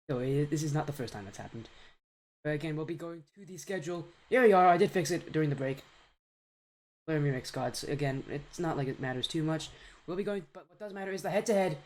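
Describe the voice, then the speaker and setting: A man's voice: on the high side, fast talker. A man hosting and casting an esports match on a live stream, upbeat and joking at his own expense, talking into a home mic on a voice call. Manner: upbeat, joking, self-mocking. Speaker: esports caster and host. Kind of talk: live game commentary on a stream.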